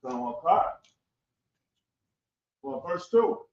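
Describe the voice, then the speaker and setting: A student reading scripture verses aloud in a class, flatly, repeating lines on request. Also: mid-range voice, takes it slowly. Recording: distant, roomy, muffled room recording.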